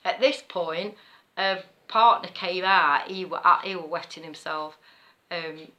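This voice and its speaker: A woman's voice: lowish voice, unhurried, pushed and bright, highs cut off. A middle-aged woman with an East Midlands accent, chatting casually in a rambling way as a knitting vlogger, laughing often as she tells a story. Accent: East Midlands English.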